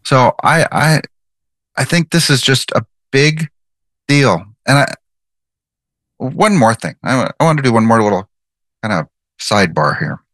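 Earnest male Bible teacher, lively pitch. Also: measured pace, pauses often, no echo. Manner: earnest, emphatic, repeats key phrases.

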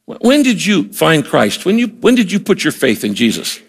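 An older male pastor preaches with an earnest, emphatic delivery, acting out the lines he quotes. His voice is fairly high for a man and gravelly. It rings out with a long reverb from a large church hall. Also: huge pitch swings, moderate pace. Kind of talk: sermon.

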